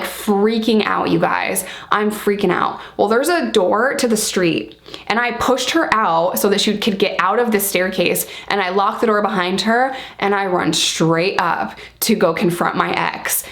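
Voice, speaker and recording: Woman vlogger, medium-pitched, blunt and candid storyteller with casual swearing who keeps talking to her viewers directly. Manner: lively, speeds up and slows down for emphasis. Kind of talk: casual storytime, told to camera.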